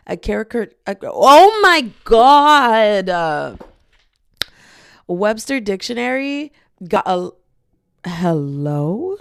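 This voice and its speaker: A woman's voice: mid-range voice, gravelly, a little mellow, no room sound, clean studio sound. A young woman hosting a casual solo podcast from her bedroom, rambling playfully and slipping into bits of singing. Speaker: podcast host. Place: bedroom with hardwood floor. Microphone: podcasting mic.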